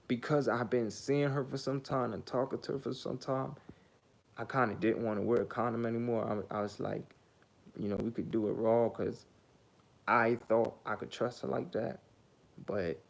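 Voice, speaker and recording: A man tells a casual storytime monologue in a loose, rambling way. His voice has a steady gravelly fry and sits at a middle pitch. He is blunt and profane, and he fills his pauses with "um" and "like". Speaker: vlogger.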